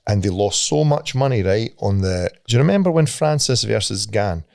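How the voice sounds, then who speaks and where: Gravelly Scottish man, swearing, chatting. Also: on the low side, animated, normal speed, darkish tone, no echo, studio quality. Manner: swears freely, laughs at his own stories. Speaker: podcast co-host. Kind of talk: casual chat.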